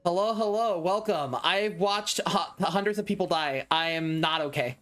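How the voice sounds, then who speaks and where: A man's voice: sits high, normal speed, a bit bright. A young man streaming a video game live, reacting with dramatic, whiny, self-mocking commentary.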